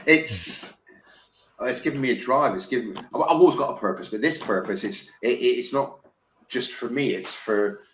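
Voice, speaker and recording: A man from England in casual podcast chat, excitable, swearing freely and stumbling over restarts. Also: mid-range voice, moderate pace. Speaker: podcast guest. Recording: roomy with faint noise.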